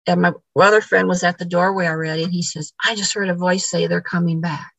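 A woman with a gravelly, husky voice tells a story in casual conversation, stumbling over repeated words and voicing what each person said. The sound is dry and close. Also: lowish voice, fairly even intonation, a little fast, no echo, low-quality recording. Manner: repeats words, acts out quoted dialogue. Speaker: podcast guest.

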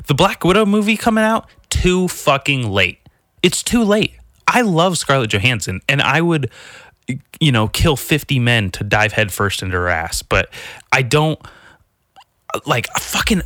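A young man talks alone on his podcast in a loose, profane ramble, jumping from joke to joke. His voice sits low but comes out bright and forceful. The sound is dry and close, with no room echo. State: slightly out of breath. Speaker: podcast host. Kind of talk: casual solo podcast rant.

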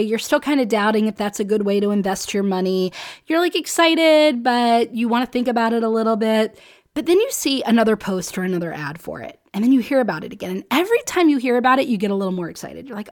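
A woman's voice: on the high side, animated, fast talker. A woman hosting a solo business podcast, chatty and emphatic, often laughing and acting out what others say. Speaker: podcast host and business coach.

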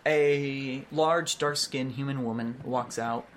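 A man's voice: mid-range voice, steady tone, slow pace, a bit bright, a little hiss or hum. A man narrating a tabletop game as game master, in a hesitant, filler-heavy way.

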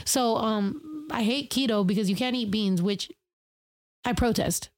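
A woman's voice: on the high side, lively intonation, a little slow. A young woman in casual podcast chat, telling stories with lots of slang and swearing, laughing often.

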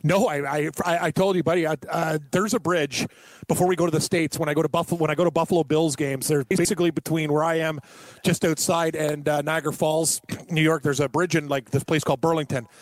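A man from Canada chats easily, laughing a lot and poking fun at himself as he talks. His voice is a touch high for a man, and the sound is dry and close to the mic. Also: fairly even intonation, quick pace, dry recording. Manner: laughs often, self-deprecating, uses "like" a lot. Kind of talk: casual chat.

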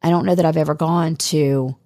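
A woman's voice: sits low, fairly even intonation, fairly quick, warm tone, no room sound, clean studio sound. A woman chatting casually on a podcast, reminiscing about a friend with many fillers and restarts.

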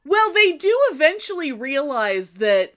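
A woman retelling a film in casual chat, animated and rambling, often restarting her sentences. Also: high-pitched, measured pace.

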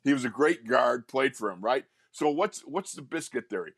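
An older man, a former player now co-hosting sports radio, spins a long anecdote at a moderate pace, bursting into laughter with animated storytelling. His mid-pitched voice carries vocal fry and a breathy edge. The studio mic captures him dry and close, with no room sound.

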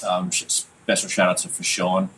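A man, talking through new tracks in a relaxed podcast chat. He swears freely, trails off into fillers and keeps it loose and unscripted. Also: deep voice, normal speed, slight background noise, low-quality recording. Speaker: podcast host and mixing engineer. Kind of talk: casual music review chat.

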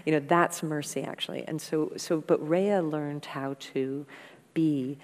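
A woman guest in an interview, telling stories in a frank, animated, conversational way and swearing freely. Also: low-pitched, unhurried. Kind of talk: candid conversational storytelling. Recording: long hall reverb.

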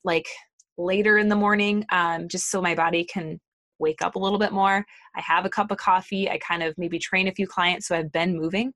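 A woman's voice: on the low side, steady tone, fairly quick, a bit bright, no room sound. Woman, 30s, fitness trainer, casual motivational chat, rambling and friendly-paced, dry close mic. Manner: chatty, lots of fillers and asides.

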